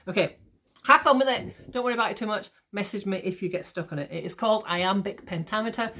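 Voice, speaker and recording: Teacher, woman, slightly low voice; casual lesson delivery, drags out words to stress the beat. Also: creaky, fairly bright tone, slightly rough. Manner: slow, exaggerated stress when demonstrating rhythm; frequent checking "okay?". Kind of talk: recorded lesson to students.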